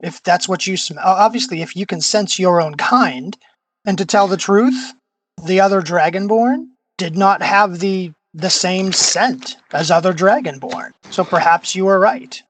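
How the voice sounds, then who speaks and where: A player answers in character, measured and hesitant, choosing evasive words. The voice is mid-pitched and dry with no room sound. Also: fairly bright tone, husky, no room sound, poor audio. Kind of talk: in-character tabletop role-play.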